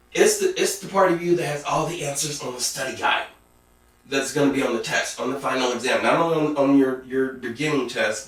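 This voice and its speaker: A man's voice: mid-range voice, a bit bright. A man giving a spiritual talk, preachy and full of rhetorical questions and folksy asides. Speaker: spiritual speaker. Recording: very echoey room, distant mic.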